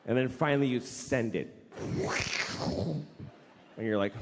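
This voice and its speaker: A man's voice: medium pitch, measured pace. A man doing stand-up comedy on a large stage, ranting in a profane, exasperated way. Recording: long hall reverb, faint noise.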